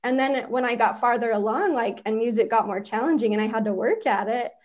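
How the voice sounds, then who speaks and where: Woman from utah, pretty high voice, chatty guest telling stories, laughs a lot. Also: fairly quick, lo-fi sound. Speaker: podcast guest. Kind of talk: casual storytelling conversation.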